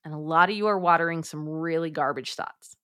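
Bright, emphatic woman coaching moms. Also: low-pitched, brisk. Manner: emphatic, direct, addresses listeners as "my friends"; acts out quoted thoughts in lively voices. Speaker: guest, mom coach. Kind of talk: podcast interview.

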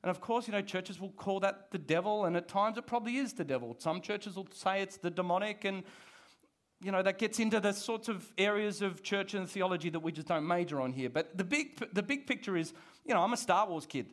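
High-voiced man preaching animatedly. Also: a little fast. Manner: animated, conversational preaching with laughs. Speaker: pastor. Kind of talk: sermon. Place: church service.

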